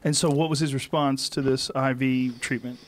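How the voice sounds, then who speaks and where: A man hosting a podcast, chatting in an animated, conversational way. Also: mid-range voice, moderate pace. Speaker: podcast host. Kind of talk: casual chat.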